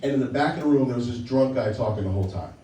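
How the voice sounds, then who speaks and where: A man's voice: medium pitch, rapid-fire, warm tone, reverberant, distant mic, poor audio. A man performing a stand-up set, teasing and punchy, who keeps checking in with "right?". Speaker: stand-up comedian.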